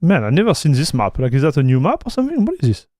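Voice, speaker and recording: A man, livestreaming and reacting to a video in excitable, slangy chat. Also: a little high, very fast, no room sound, clean studio sound. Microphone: streaming desk mic.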